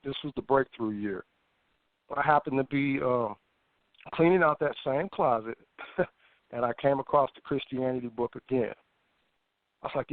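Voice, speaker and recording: A man, a guest on a phone interview, telling a personal story in a lively way, with stammered restarts and acted-out thoughts. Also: medium pitch, normal speed, long pauses, no room sound. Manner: animated, stammering restarts, acts out his own past thoughts. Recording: tinny phone line, dry.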